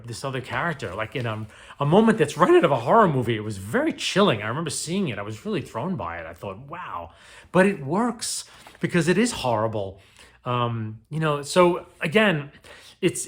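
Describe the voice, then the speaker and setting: A man talks casually to the camera, reviewing films with enthusiasm. He rambles and restarts his sentences, filling the gaps with ums and uhs. His voice sits at an ordinary middle pitch. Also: fairly bright tone. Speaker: booktube reviewer. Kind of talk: casual spoken film review.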